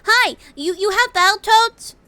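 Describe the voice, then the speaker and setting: A woman doing a squeaky, perky gamer girl. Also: expressive, unhurried, sharp tone, full character voice. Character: chirpy young gamer girl making a prank call.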